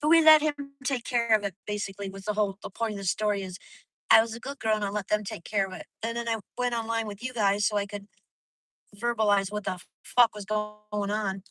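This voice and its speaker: A woman's voice: mid-range voice, fairly even intonation, brisk, bright, forceful tone, poor audio. A woman vlogger live-streaming from her car at night, venting in a rambling, profane, casual way to her viewers. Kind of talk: casual live-stream chat while driving.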